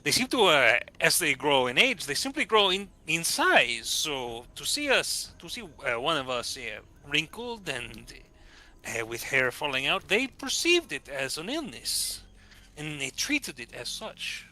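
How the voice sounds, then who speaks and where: A man's voice: on the high side, big pitch swings, a little slow, sharp tone, full character voice, low-quality recording. A man voicing a formal, hesitant male scholar. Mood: lecturing.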